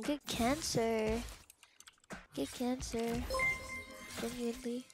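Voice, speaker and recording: A woman with a high voice talks through her game in a low grumble, swearing at her team and half-whispering complaints to herself. Loud music plays clearly behind her. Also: fairly even intonation, a little slow. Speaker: game streamer. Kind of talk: live gameplay commentary.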